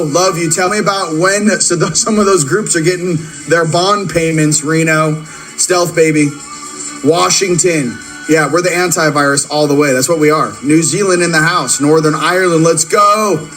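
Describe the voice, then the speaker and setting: An excitable man with a fairly high voice hosts a live stream, rattling off viewers' locations between stretches of spiritual talk. He laughs often and speaks in a hyped, rapid-fire way. Soft music plays faintly underneath a low-quality recording.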